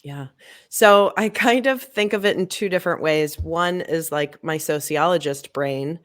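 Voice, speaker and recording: Deep-voiced and measured, a woman chats as a guest on a podcast. She runs a marketing agency and tells her story casually, acting out conversations from earlier in it.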